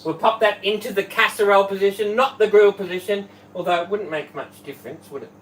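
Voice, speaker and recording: A man who used to manage for Tupperware livestreams himself cooking in his home kitchen, chatting and calling out viewers by name. He talks quickly in a high-pitched, steady, somewhat bright voice, picked up off-mic from a distance with slight background noise.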